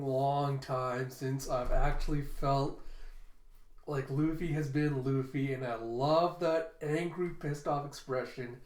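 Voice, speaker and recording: A man's voice: medium pitch, echoey room. A man casually reading a manga chapter aloud and reacting to it, giving the characters' lines light inflections.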